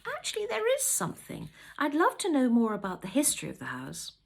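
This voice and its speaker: An earnest, excitable middle-aged wife whose voice leaps high when she gets keen, as a woman reads her in a storybook. She talks with lively, swinging pitch. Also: fairly quick, creaky, husky, exaggerated voice. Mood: eager. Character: wealthy middle-aged wife, eager and pleading.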